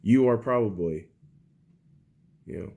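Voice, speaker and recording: A young man hosting a podcast, delivering an angry, profane political rant that swings between shouting and low muttering. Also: slow pace, vocal fry. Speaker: podcast host.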